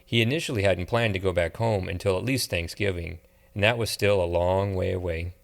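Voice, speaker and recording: Low, gravelly male audiobook narrator. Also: steady tone, a little fast. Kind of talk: scripted narration.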